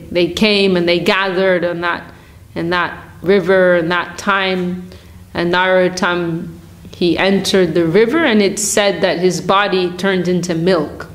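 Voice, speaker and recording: A woman telling a devotional story in a morning class, unhurried, with frequent restarts and soft laughs. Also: fairly low pitch. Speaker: class speaker.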